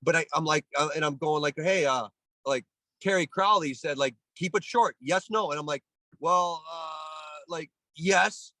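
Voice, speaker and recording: A man's voice: fairly high pitch, measured pace, dry recording. A Canadian man in his forties, a former pro athlete, telling a story in an interview with lots of restarts and acted-out quotes. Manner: animated storyteller, acts out voices, many restarts. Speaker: guest, former pro baseball player.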